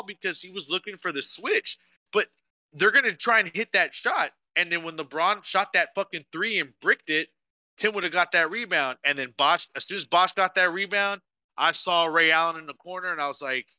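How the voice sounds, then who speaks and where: Ranting man, bright dry voice. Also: sits high, no room sound. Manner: swears a lot, emotional sports rant. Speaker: podcast co-host. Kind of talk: casual chat with live chat.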